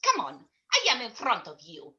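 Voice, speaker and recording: A pompous, self-assured Italian woman doctor, as a comedian puts her on, rambling through her boasts in a bright, forceful voice. Her pitch swings wildly from low to high. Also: huge pitch swings, normal speed, lo-fi sound, exaggerated voice. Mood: boastful. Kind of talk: online character comedy.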